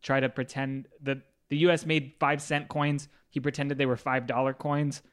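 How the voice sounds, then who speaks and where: A man's voice: mid-range voice, flat delivery, moderate pace, clear, resonant tone. Matter-of-fact male podcast producer. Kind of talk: casual chat.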